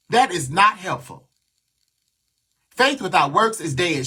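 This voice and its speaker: A man's voice: sits high, sing-song, takes it slowly, bright, forceful tone, slightly rough. A man venting to viewers on a livestream, blunt and talking back to their comments. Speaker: livestream host.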